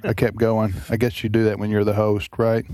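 A man's voice: fairly low pitch, monotone, fairly quick, warm tone, no room sound. A man hosting a radio talk show, rambling and chatty, poking fun at himself. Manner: rambling, chatty, self-deprecating. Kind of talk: casual radio chat. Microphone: studio microphone.

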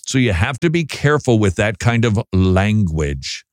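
A man's voice: fairly low pitch, sing-song, normal speed, no room sound, clean studio sound. A man hosting a Christian talk show, chatting wryly and reading listener emails aloud. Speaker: Christian radio host. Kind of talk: casual talk show commentary.

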